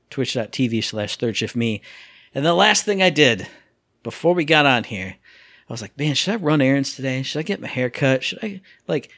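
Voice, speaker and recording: Animated man chatting about games. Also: medium pitch, no echo, studio quality. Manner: animated, acts out sound effects and voices. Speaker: podcast co-host. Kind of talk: casual chat about video games.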